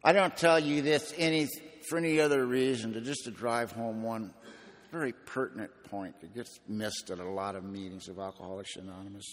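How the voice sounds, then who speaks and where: A man's voice: on the low side, steady tone, fairly quick. Raw, confessional man in a hall. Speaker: speaker at a recovery meeting. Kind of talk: personal testimony to an audience.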